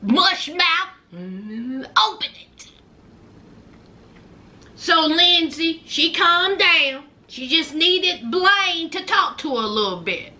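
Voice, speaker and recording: A woman with a Southern twang giving a sassy, animated recap of a reality TV show, calling her viewers honey and baby. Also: very high-pitched, takes it slowly, hardly any pauses. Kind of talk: casual recap commentary.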